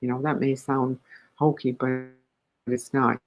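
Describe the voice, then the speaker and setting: A woman's voice: extremely low pitch, a little slow, faint music behind, low-quality recording. A woman who is a guest on an interview show. She talks with animation and likes to tell jokes. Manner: animated joke-teller. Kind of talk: interview conversation.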